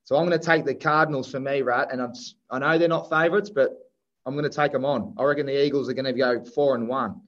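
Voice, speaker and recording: Fast and a bit bright, with a medium, steady pitch, this Australian podcast co-host talks through sports picks in a chatty, excited manner. The recording sounds muffled.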